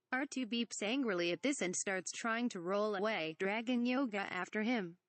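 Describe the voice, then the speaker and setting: A woman's voice: mid-range voice, normal speed, hardly any pauses, fairly bright tone, dry recording. A woman reading the stage directions of a fan parody script in a plain, matter-of-fact way. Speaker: reader.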